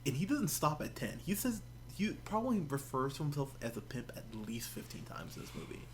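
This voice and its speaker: Animated man co-hosting a movie podcast. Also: a little high, a little fast. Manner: animated, laughing storyteller. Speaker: podcast co-host. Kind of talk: casual movie review chat.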